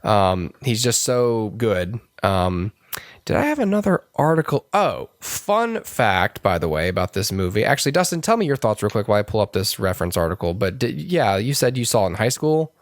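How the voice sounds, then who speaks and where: A man's voice: big pitch swings, moderate pace, dry recording. Rambling podcast man, dry close mic. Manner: rambling, many restarts and fillers, puts on high voices to quote characters. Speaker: podcast co-host. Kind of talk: casual movie review chat.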